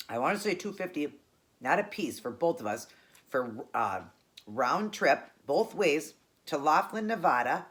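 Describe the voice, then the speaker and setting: Woman, low voice, casual vlog storytelling, rambling, self-correcting, chatty host. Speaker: cooking channel host.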